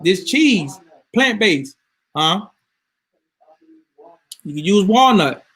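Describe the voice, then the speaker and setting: A man's voice: high voice, sing-song, very slow, a bit bright, breathy edge. A man ranting casually to his viewers, emphatic and swearing freely. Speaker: vlogger. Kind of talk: casual rant to camera.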